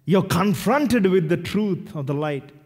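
A man from India, a pastor preaching a sermon, animated and acting out little dialogues with self-deprecating humor. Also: high voice, measured pace, breathy edge. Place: church sanctuary. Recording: reverberant church hall.

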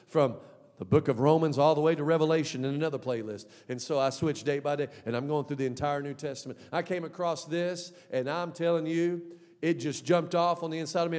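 Emphatic high-voiced male pastor preaching. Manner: emphatic, swings between soft and loud. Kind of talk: sermon. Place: church sanctuary. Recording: long hall reverb.

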